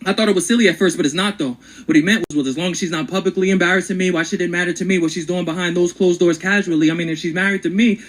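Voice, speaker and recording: A man's voice: high-pitched, steady tone, rapid-fire, hardly any pauses, poor audio. A man performing a rhyming spoken word story with a rhythmic, dramatic delivery. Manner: rhythmic, dramatic storyteller who acts out quotes.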